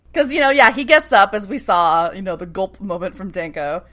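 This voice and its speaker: Animated woman recapping with profane asides. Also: mid-range voice. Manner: animated, swears freely, acts out lines in quick asides. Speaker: podcast co-host recapping a TV episode. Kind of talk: casual chat.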